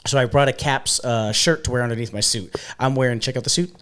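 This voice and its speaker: A man's voice: medium pitch, fast, slight background noise. Profane young man telling bar stories. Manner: loose, profane, animated storytelling. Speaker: podcast host, bartender. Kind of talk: casual storytelling chat.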